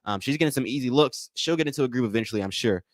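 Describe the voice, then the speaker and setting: A man calls a game live for his viewers in a loose, chatty play-by-play, repeating lines and tossing in y'all. His voice sits at an everyday middle pitch. The sound is dry and close, with little room around it. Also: animated, racing, no echo. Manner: repetitive, addresses chat as y'all, thanks donors. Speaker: livestream host. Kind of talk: casual live play-by-play watch-along commentary.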